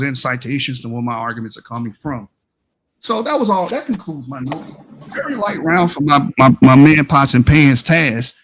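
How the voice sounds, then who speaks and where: A man's voice: a little high, fairly bright tone. A man giving a combative, emphatic debate rebuttal on an online stream, taunting his opponent as he argues. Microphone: online stream call mic.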